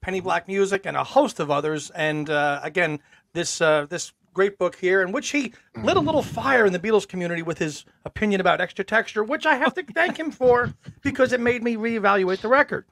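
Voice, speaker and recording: A man's voice: high voice, a little fast, fairly bright tone, no echo. A man hosting a podcast, chatting upbeat and casual with guests. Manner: upbeat, chatty, many fillers. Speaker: podcast host.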